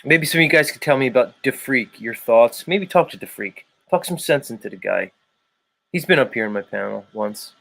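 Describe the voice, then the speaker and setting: A man with a South Philadelphia accent hosting a live stream, chatting casually with viewers in a playful way, swinging his pitch and volume and drawing out words. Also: expressive, normal speed, vocal fry, fairly bright tone. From United States. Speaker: live show host.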